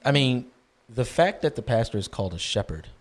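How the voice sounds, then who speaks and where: A man talking earnestly about being called to ministry, halting often with ums and restarts. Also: mid-range voice, big pitch swings. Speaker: guest aspiring to ministry. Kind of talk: casual Christian discussion.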